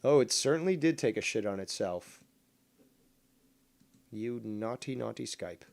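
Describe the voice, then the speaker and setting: A man hosting a casual call-in livestream, rambling and sarcastic, cursing at his software. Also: mid-range voice, expressive, a little slow, vocal fry, dry recording. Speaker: livestream host.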